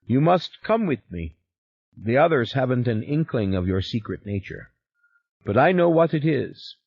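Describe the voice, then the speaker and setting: Man doing an urgent, higher-voiced stranger. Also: big pitch swings, normal speed, creaky, no echo, highs cut off. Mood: urging. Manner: urgent, pressing speech. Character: powerful northern European man, insistent, knowing.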